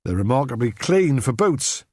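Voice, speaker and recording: A methodical police inspector who keeps his questions formal and businesslike, as a male narrator plays him. The voice is measured and mid-pitched, recorded dry and close for an audiobook. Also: very animated, darkish tone, husky, dry recording. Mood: probing.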